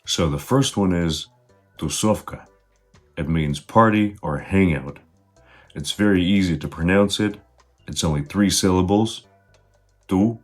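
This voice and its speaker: A man with a deep voice talks straight to his viewers in an easygoing vlog, teaching slang one word at a time. He speaks slowly and keeps an unhurried, explanatory manner. Soft music plays faintly underneath. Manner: relaxed, explanatory, addresses viewers directly. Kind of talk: casual talk to camera.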